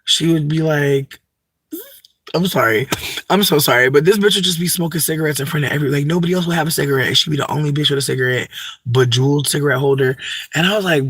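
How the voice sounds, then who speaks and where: A man's voice: fairly high pitch, quick pace, a bit bright, slightly rough, dry recording. A young man, rambling in a profane, campy, unscripted vlog monologue full of asides. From United States. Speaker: vlogger.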